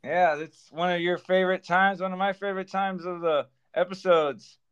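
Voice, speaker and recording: A man's voice: high-pitched, normal speed, clean tone, muffled recording. A young man co-hosting a podcast, chatting casually and laughing often. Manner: laughs often, animated storytelling. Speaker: podcast co-host. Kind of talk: casual chat.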